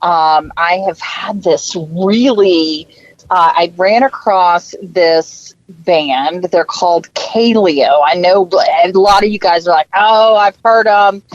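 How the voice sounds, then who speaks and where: A woman's voice: lowish voice, slow pace, no room sound, highs cut off. A woman from Florida, an author, chatting casually and enthusiastically with many "um"s as a podcast guest. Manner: enthusiastic, hesitant fillers. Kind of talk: casual interview chat.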